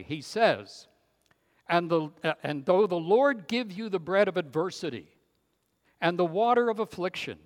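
Male preacher, fairly high voice, emphatic delivery that drops to a hush; long hall reverb. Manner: emphatic, swings from loud to hushed. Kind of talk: sermon.

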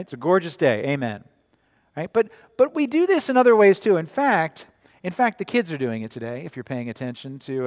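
A man preaching a sermon in a church, conversational and often tossing in "right?" to the congregation. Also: on the high side. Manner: conversational, frequent "right?" asides. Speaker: pastor. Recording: reverberant church sanctuary.

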